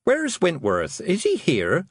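A man's voice: medium pitch, huge pitch swings, fast talker, darkish tone, slightly rough, no room sound, studio quality. A man voicing a frantic mother searching for her lost child, urgent and demanding. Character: frantic worried farm mother.

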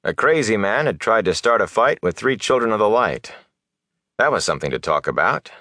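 A man narrating a fantasy novel in an expressive, dramatic way. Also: on the low side, brisk, no echo, studio quality. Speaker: audiobook narrator.

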